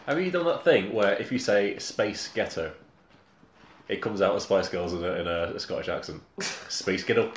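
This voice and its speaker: A man's voice: lowish voice, very animated, brisk, hardly any pauses. A man co-hosting a podcast, playful and giggly in a casual film chat. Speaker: podcast co-host. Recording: echoey room with audible hiss.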